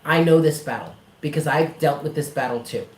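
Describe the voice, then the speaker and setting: A man's voice: fairly high pitch, a little fast, darkish tone. A man reads tarot live, pressing his points hard, swearing freely and calling the sitter by endearments. His voice carries a roomy echo, and there is a faint hiss of noise behind him. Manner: emphatic, blunt, profane, affectionate. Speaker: tarot reader.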